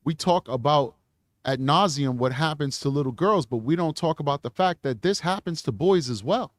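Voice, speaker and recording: A man's voice: on the high side, expressive, moderate pace, no echo, clean studio sound. A male host of a live true crime show, earnest and emotional, repeating himself and restarting phrases as he signs off. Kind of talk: live stream sign-off and channel pitch.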